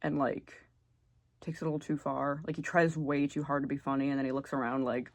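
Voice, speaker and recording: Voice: mid-range voice, fairly even intonation, a little fast, dry recording. A young adult YouTuber giving blunt, sarcastic, casual comedic commentary and swearing freely. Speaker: YouTuber ranking game characters.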